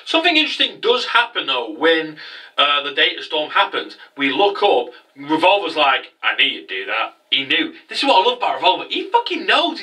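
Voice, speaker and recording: A man hosting a casual anime recap vlog, excitable and sweary with quick asides. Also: fairly high pitch, distant mic, low-quality recording. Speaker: anime review host.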